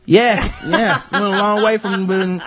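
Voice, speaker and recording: A man hosting a podcast, chatting casually and swearing freely. His voice sits a little high for a man. He fills his pauses with plenty of ums and uhs. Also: a little hiss or hum. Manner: relaxed, profane, many ums and uhs. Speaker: podcast host. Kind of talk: casual chat.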